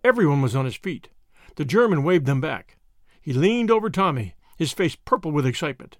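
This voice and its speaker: A man reading a novel aloud as narrator, with expressive storytelling on a close studio mic. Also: on the high side, a little fast, no room sound. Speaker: audiobook narrator. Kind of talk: scripted narration.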